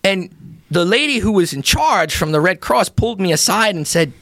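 A podcast contributor does a full character voice as a chatty Pennsylvania Dutch lodge secretary, spinning a rambling comic tale in a folksy Pennsylvania Dutch accent. His voice sits high and moves at a moderate pace, captured dry with studio quality. Folksy and amused, he's animated and acts out every speaker in the story.

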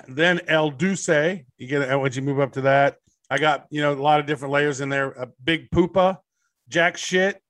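A man's voice: fairly high pitch, moderate pace, fairly bright tone, no room sound. A man co-hosting a podcast in casual chat, rambling and laid-back with crude humor. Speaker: podcast co-host.

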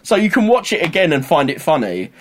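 Sketch voices punctuate the stories of an animated podcast co-host in a casual conversation. He talks a little fast, with a voice on the high side.

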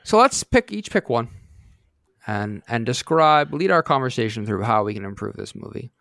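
A man's voice: mid-range voice, lively intonation, normal speed, creaky, fairly bright tone, no echo. Male podcast host, wry and steering the chat, dry close sound. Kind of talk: casual chat.

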